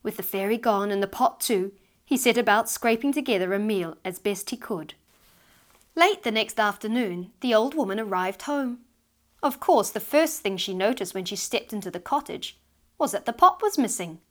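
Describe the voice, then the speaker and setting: A woman reads a fairy story aloud in a mid-pitched voice. Her telling is lively and expressive, rising in energy at the tense moments. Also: moderate pace. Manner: lively, expressive reading that rises with tension. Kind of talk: storybook narration read aloud.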